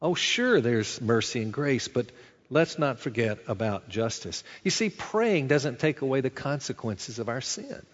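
A man preaching a sermon in an earnest, conversational way, asking rhetorical questions as a pastor. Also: mid-range voice. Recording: dull sound with long hall reverb.

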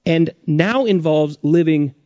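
A man preaching a sermon as pastor, his pitch rising and dropping sharply for emphasis. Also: slow, warm tone, no room sound, lo-fi sound.

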